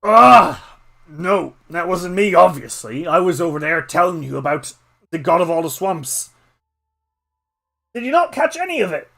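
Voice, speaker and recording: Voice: medium pitch, sing-song, a little slow, vocal fry, long pauses, a bit bright, exaggerated voice. A performer voicing a fussy, scolding old postmaster who keeps exclaiming in exasperation. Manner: exasperated, exclaiming mild oaths.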